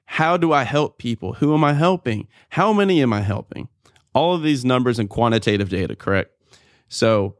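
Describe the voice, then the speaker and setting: A man hosting his podcast, telling a story in an energetic, casual monologue and jumping up in pitch when excited. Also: dry recording, studio quality. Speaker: podcast host.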